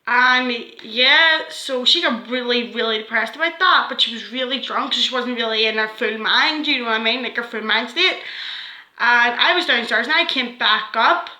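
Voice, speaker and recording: Rambling Northern Irish woman, bright high voice. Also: moderate pace, echoey room, low-quality recording. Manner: rambling, swearing, constant "like" fillers. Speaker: vlogger. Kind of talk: casual storytelling to camera.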